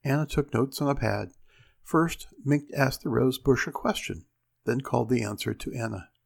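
A man narrating a story aloud in an expressive reading style, giving the characters their voices. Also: mid-range voice, moderate pace, gravelly, husky.

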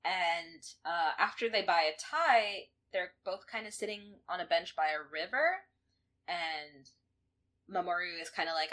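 A woman co-hosting a podcast, recapping episodes in casual chat, animated and quick to laugh. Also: on the low side. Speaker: podcast co-host.

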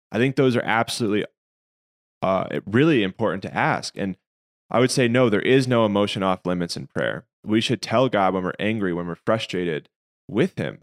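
A man's voice: lowish voice, normal speed. A man co-hosting a casual faith discussion, speaking in an earnest, reflective and explanatory way. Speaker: podcast co-host.

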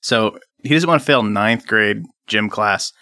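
A man's voice: fairly low pitch, unhurried, sharp tone, no room sound, studio quality. A young man chatting casually and speculating aloud as a podcast co-host. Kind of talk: casual comedic chat.

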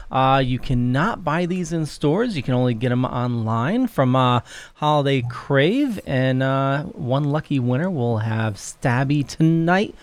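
A man hosting a podcast in a loose, easygoing way, with a voice pitched a little high. He talks upbeat and relaxed, leaning on fillers as he goes. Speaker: podcast host. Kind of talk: casual podcast chat.

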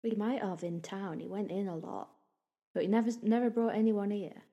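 A woman's voice: medium pitch, normal speed, warm tone, husky, muffled recording. A woman doing a gossipy office clerk. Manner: homely, gossipy talk. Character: gossipy female institute clerk, chatty and nosy.

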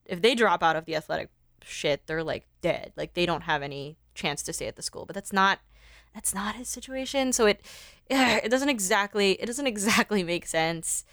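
A woman's voice: mid-range voice, expressive, normal speed, fairly bright tone, no room sound, studio quality. A young woman co-hosting a podcast, recapping a movie in a rambling casual way, saying "like" constantly and laughing often. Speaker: podcast co-host.

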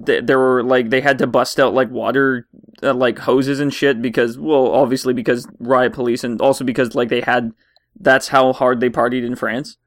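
A man's voice: medium pitch, level tone, normal speed, no room sound. A man in a casual podcast chat, rambling and filling his speech with "like". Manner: rambling, heavy use of "like".

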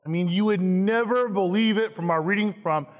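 A man, a pastor, preaching a sermon slowly and emphatically, acting out quoted lines with dramatic stress. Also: sits high. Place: church sanctuary. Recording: long hall reverb, church sanctuary.

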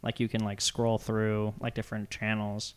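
A young man chatting casually, retelling a story with animated, loud acted-out quotes. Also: fairly low pitch, moderate pace, a little hiss or hum. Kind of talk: casual chat.

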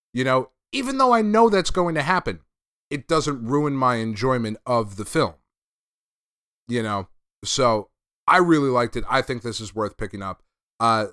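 Man, podcast host, casual profane chat, bright voice, dry close sound. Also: medium pitch, clear, resonant tone, no echo. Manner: laid-back, profane, enthusiastic recapping. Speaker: podcast host reviewing comics.

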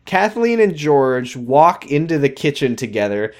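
An excitable podcast co-host rattles through a TV recap, swearing freely and laughing partway through sentences. The pitch is mid-range but swings widely, so the delivery sounds lively and incredulous. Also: a little slow. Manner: animated and profane, often laughing mid-sentence. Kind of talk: casual chat recapping a TV show.

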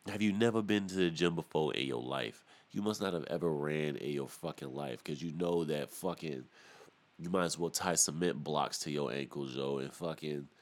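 Very deep-voiced man ranting on a podcast. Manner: profane, animated ranting with laughs. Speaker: podcast host. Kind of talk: casual solo podcast rant.

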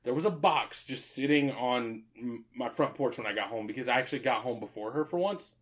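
A man's voice: mid-range voice, a little fast. A man telling stories in casual chat, rambling and swearing freely, laughing often.

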